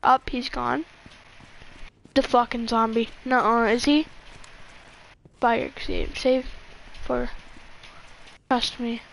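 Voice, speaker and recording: A woman's voice: a little high, little pitch movement, slow pace, gravelly, pauses often, fairly bright tone, a little hiss or hum. A young woman giving gameplay commentary, swearing constantly and talking to herself and the screen. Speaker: gamer.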